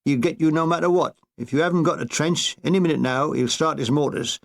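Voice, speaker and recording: Man doing a gloating infantryman, ominous, fairly high male voice. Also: fairly quick, creaky. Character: gloating male infantry soldier who enjoys scaring others.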